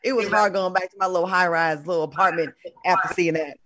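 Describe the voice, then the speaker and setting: Talk show host, chatty, teasing, lively, casual banter, middle pitch. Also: quick pace. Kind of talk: casual chat.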